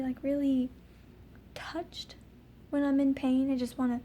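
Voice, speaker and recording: A woman's voice: high-pitched, level tone, unhurried, warm tone, a little hiss or hum. A young woman telling a personal story in a casual vlog, rambling with lots of ums and likes. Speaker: vlogger.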